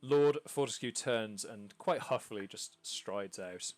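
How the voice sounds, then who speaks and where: A man's voice: on the low side, unhurried, no echo, soft background music. Man, game master, storytelling narration, streamed tabletop game.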